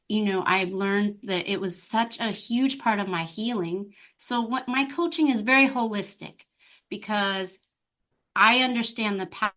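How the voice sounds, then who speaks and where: A woman guest on a podcast interview, a life coach who talks in an open, expressive and bubbly way. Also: medium pitch.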